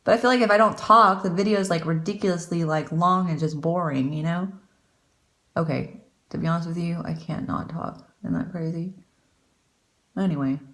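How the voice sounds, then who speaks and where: Chatty, rambling woman with a lowish voice. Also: brisk, pauses often, a bit bright. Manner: chatty, rambling, self-deprecating. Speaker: beauty vlogger. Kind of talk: casual makeup tutorial chat.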